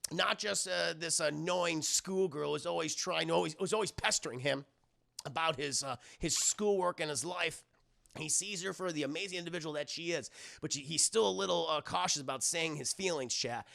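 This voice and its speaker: A man talks a live chat through an anime episode in a loose, rambling recap. His voice sits high for a man, with a strong gravelly fry and a bright edge. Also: normal speed. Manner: rambling, fillers, addresses chat. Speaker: anime reviewer streaming live.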